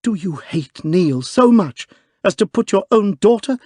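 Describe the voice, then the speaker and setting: A man's voice: high-pitched, lively intonation, unhurried, a little mellow, no echo, studio quality, voice pushed up. Man voicing a proud, quivering young noblewoman. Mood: fierce, accusing. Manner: clear, quivering, passionate.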